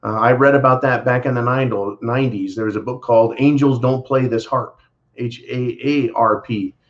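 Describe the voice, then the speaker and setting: Man, livestream host, folksy, rambling, lots of fillers, mid-pitched voice, dull lo-fi sound. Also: steady tone, normal speed. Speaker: livestream host reading super chats. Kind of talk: casual livestream talk. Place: Texas.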